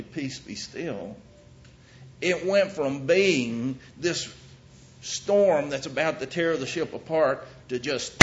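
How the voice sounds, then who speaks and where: A man preaching a sermon, telling the story with sudden swings between loud and hushed. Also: mid-range voice, a little hiss or hum. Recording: dull lo-fi recording.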